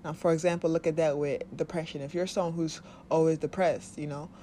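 A woman's voice: low voice, fairly even intonation, a little fast, dark tone, slight background noise. A woman giving casual spiritual self-help advice, blunt and profane, often laughing and acting out little voices. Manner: acts out quoted voices of body and soul.

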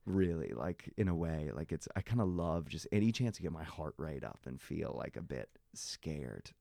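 A man chatting casually, telling animated stories with many fillers. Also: rumbling low, normal speed, gravelly, dry recording, clean studio sound. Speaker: guest. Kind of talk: casual conversation.

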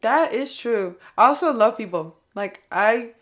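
A woman's voice: a little high, a little slow. A young woman from California with a Californian accent, chatting casually and rambling with lots of "like" as she tells stories. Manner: rambling, heavy use of "like", animated storytelling. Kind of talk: casual chat.

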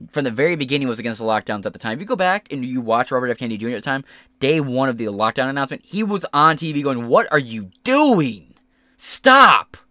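A man's voice: mid-range voice, animated, racing, bright, forceful tone, no room sound. Podcast guy ranting about politics, swearing a lot, dry close mic sound. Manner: heated, profane rant. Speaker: podcast host. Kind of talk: casual political commentary.

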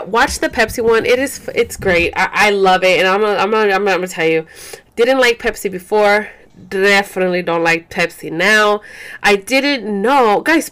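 A young woman vlogger chats casually to the camera in a medium-pitched, fairly bright voice. She's profane and rambling, slips into Spanish, and keeps using fillers and restarting her sentences.

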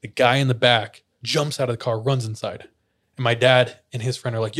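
A young man chatting casually on a podcast, telling an animated story, acting out quotes and laughing often. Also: mid-range voice, a little fast.

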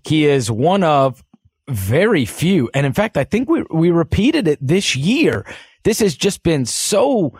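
Animated, husky-voiced man talking sports. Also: on the high side, a little slow, dry recording, studio quality. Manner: animated, with loud put-on voices and laughter. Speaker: podcast co-host. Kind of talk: casual sports podcast chat.

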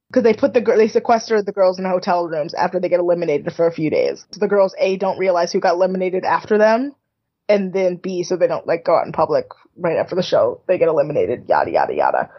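Woman podcast co-host recapping TV, casual chatty delivery, slightly muffled lo-fi sound. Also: mid-range voice. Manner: chatty, swears casually, frequent fillers like "like". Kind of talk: casual chat recapping a reality show.

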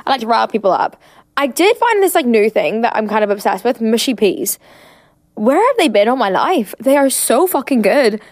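A woman's voice: on the high side, sing-song, normal speed, no room sound. A young Irish woman hosting a podcast, chatting casually with lots of fillers and the odd swear word. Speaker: podcast host. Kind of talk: casual chat.

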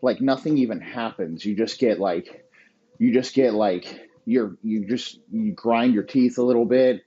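A low-voiced man with a husky, mellow tone, riffing through a profane comedic rant. He rambles from bit to bit and keeps cracking himself up. The audio is dull and lo-fi. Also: a little slow. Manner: crude, riffing, rambling, laughs at own jokes. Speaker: podcast host.

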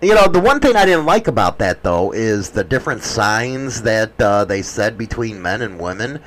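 A man's voice: on the low side, very animated, normal speed, fairly bright tone, a little hiss or hum, poor audio. A middle-aged man hosting a show, trading crude, profane teasing in casual banter. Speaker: show host.

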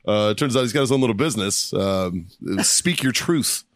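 A man's voice: fairly low pitch, expressive, moderate pace, no echo, studio quality. A man hosting a podcast, telling stories in casual chat, laughing often and swearing constantly. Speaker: podcast host.

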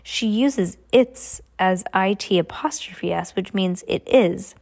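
A woman's voice: medium pitch, slow, vocal fry, darkish tone. A woman voicing a clever, bookish boy who explains things impatiently in a read-aloud story. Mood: insistent. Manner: insistent, explaining.

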